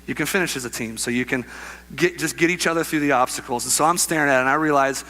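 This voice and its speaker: A young adult man preaching a sermon, telling a personal story with lively acted-out voices and laughter. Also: medium pitch, fast. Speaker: pastor.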